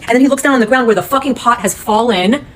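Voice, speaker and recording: A woman's voice: on the high side, fast, rough recording. A woman retelling a true crime case in a casual, blunt, heated way, swearing often.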